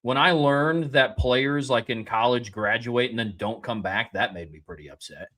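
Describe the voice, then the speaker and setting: A man's voice: medium pitch, normal speed, pushed and bright. Laid-back young male podcast co-host. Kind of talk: casual sports podcast chat.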